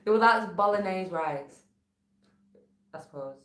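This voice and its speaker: A woman's voice: mid-range voice, slow pace, fairly bright tone. A woman hosting a casual live stream from home, chatting and reading out messages from the chat. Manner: chatty, reads chat messages aloud, trails off with fillers. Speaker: livestream host. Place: room at home. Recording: echoey room.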